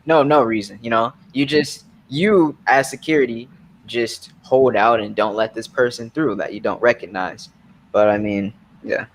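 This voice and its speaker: Measured, hesitant podcast guest man. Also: mid-range voice. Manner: measured, hesitant, laughs easily. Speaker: podcast panelist. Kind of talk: casual chat.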